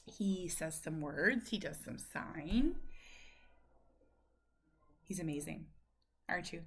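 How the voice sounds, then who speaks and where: A woman talking with her son, soft and encouraging, breaking into playful high exclamations now and then. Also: animated, takes it slowly, a little hiss or hum. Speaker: mother of the child in the video. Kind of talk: gentle coaxing talk to her son, and a casual talk to camera.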